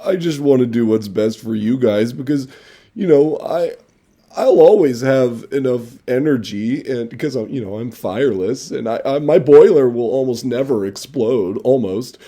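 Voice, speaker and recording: A man's voice: medium pitch, moderate pace, warm tone, pitched above the performer's own voice, close to an everyday voice. A man voicing a sweet, earnest male steam car who gushes about helping everyone. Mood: gushing. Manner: earnest, gushing. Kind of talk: comedic improvised voice acting.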